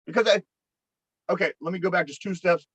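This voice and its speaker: A man's voice: high voice, fairly quick, fairly bright tone, husky, no room sound, low-quality recording. A man with a Pittsburgh accent, co-hosting a podcast and telling a long story in a rambling, profane way, often repeating his words. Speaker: podcast co-host. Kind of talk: casual storytelling chat.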